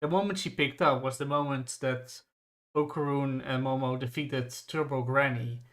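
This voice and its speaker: A co-host recapping an anime plot in a casual stream discussion, with drawn-out phrasing. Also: medium pitch, fairly even intonation, a bit bright.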